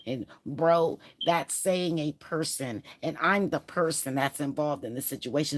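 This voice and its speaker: A woman talking on her own live stream in a rambling, halting way, often repeating herself. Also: deep voice. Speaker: livestreamer. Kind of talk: emotional live stream chat.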